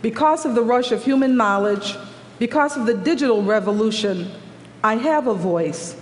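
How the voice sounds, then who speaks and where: A man reading a prepared essay aloud on stage, in an earnest, measured way. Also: high-pitched, lively intonation. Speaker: guest speaker reading a written text aloud. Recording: echoey hall with long reverb.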